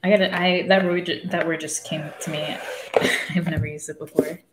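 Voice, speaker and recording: A woman's voice: deep voice, steady tone, moderate pace, heavy background noise. A woman talking casually about a book she is reading, rambling and frank, losing her thread and swearing freely. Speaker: book discussion host. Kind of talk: casual spoken book commentary.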